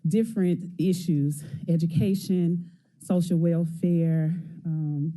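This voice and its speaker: Breathless, lively woman teacher. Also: lowish voice, takes it slowly. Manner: lively, a little breathless, laughing. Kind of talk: introducing a class presentation. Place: council chamber.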